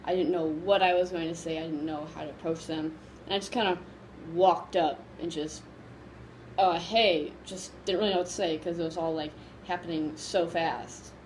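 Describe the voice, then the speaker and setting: A woman vlogger casually telling a story to camera, excited and gushing, rambling with lots of fillers. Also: fairly low pitch, normal speed, slight background noise, rough recording.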